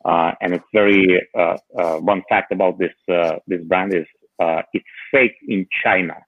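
A man on a podcast panel chatting casually about tech, halting often with filler pauses. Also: sits low, steady tone, no echo. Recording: tinny phone-like remote line.

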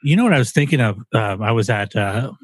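A man's voice: mid-range voice, lively intonation, husky, no room sound. A man hosting a casual podcast, joking and swearing as he talks. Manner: joking, swearing, quick to laugh. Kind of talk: casual chat.

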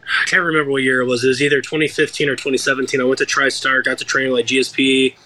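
A young American man telling an animated, profane story as an interview guest, acting out the people he quotes. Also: mid-range voice, fast talker. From United States. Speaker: guest fighter.

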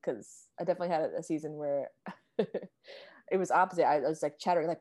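A woman's voice: deep voice, quick pace, mellow. A woman coach interviewing a fellow coach, asking questions casually and laughing often. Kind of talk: casual conversation.

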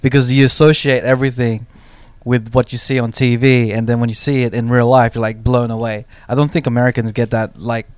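A man with a mid-range voice chatting on a podcast, recorded close and dry. He rambles and swears casually, and slips into quick mock voices. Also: medium pitch, level tone, clean tone, no room sound. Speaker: podcast co-host. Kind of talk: casual chat.

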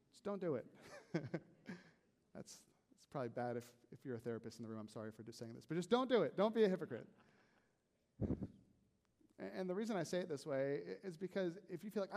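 A man preaching a sermon as a pastor, in a conversational, animated way with frequent "right?" asides. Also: mid-range voice, in a large hall.

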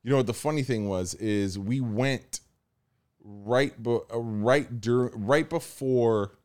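A man's voice: medium pitch, slow pace, darkish tone, clear, resonant tone. A young American man telling a story in casual chat, acting out the people he quotes. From United States.

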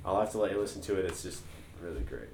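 Rambling low-voiced man in an echoey room. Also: fast talker, creaky, a little hiss or hum. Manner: rambling, animated, swears freely. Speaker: podcast co-host. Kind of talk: casual chat.

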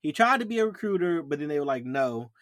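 Animated young man telling stories. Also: a little high, fast, no echo, clean studio sound. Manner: animated, acts out yelled quotes, slangy. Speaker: podcast co-host. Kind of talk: casual storytelling chat.

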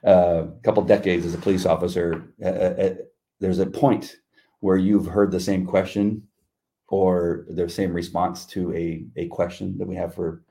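A man's voice: deep voice, level tone, moderate pace, gravelly, mellow. A middle-aged man co-hosting a devotional chat, talking in an earnest, reflective way. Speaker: co-host.

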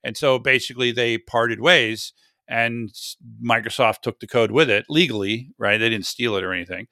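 A man's voice: mid-range voice, moderate pace, bright, forceful tone, no room sound, clean studio sound. A man hosting a casual tech podcast, chatty and rambling, often correcting himself mid-sentence. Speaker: podcast host.

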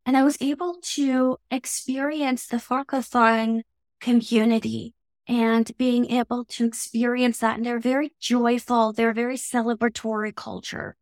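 A Canadian woman with a Canadian English accent, a guest in an interview, talking in a thoughtful, measured way. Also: on the high side, flat delivery, no echo, studio quality. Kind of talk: reflective conversational interview.

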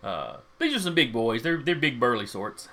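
A man's voice: medium pitch, sing-song, moderate pace, sharp tone. Folksy male game master. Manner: casual, folksy asides. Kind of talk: narrating a tabletop game.

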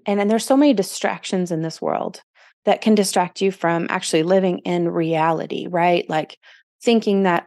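A woman in her forties hosts a podcast, and she speaks earnestly and with feeling. Her voice sits in a middle pitch, and the recording is dry and close. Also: mellow, no echo. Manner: earnest, emotional, reflective. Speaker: podcast host. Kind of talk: casual interview chat.

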